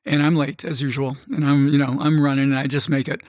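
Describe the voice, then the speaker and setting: A middle-aged man, a guest on a podcast, telling a story in an animated way and acting out the voices of the people in it. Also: mid-range voice, fast, no room sound. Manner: animated, acts out quoted voices. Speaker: guest, gambling expert. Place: podcast studio.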